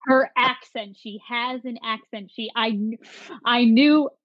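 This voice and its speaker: A woman's voice: a little high, steady tone, a little slow, dull audio. A woman co-hosting a casual review podcast over a video call, recapping scenes in a chatty way. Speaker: podcast co-host. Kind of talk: casual chat.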